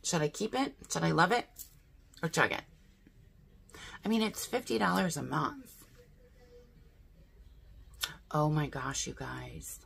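A woman's voice: deep voice, slow, vocal fry, long pauses, a bit bright, a little hiss or hum. A woman chatting casually through a beauty box unboxing, thinking aloud and asking her viewers what she should do. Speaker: beauty vlogger.

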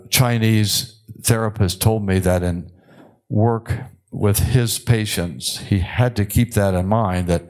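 Low-voiced man lecturing wryly. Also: a little mellow. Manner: conversational, wry, many filler pauses. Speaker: psychiatrist giving a conference lecture. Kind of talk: conference lecture.

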